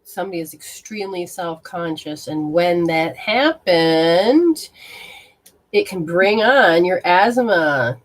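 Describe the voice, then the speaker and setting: Woman host, lower pitch, spiritual reader on a live stream: blunt, exclamatory, unfiltered. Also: expressive, takes it slowly. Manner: blunt and exclamatory, swearing, reacting aloud to sensations. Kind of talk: casual live-stream talk with viewers.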